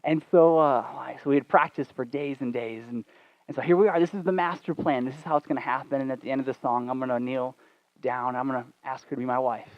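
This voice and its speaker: Animated man preaching with humor. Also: mid-range voice, quick pace, no room sound. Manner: animated, self-deprecating humor. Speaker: pastor. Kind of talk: sermon storytelling. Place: church. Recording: dull, dry sound.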